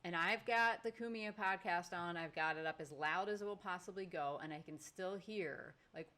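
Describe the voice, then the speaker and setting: A woman co-hosting a podcast, her voice sitting a little on the low side. She tells her story in loose casual chat with lively, exasperated energy. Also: normal speed. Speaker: podcast co-host.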